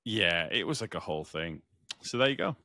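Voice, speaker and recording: A British man co-hosting a podcast, telling a story in casual chat, animated and swearing freely. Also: sits low, a little fast, no room sound, studio quality. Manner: animated, swears freely, acts out other voices. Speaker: podcast co-host.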